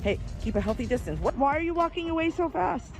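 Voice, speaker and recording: A man's voice: very high-pitched, big pitch swings, fast talker, faint music behind. A man doing pushy street interviews outdoors, firing needling questions at a passerby.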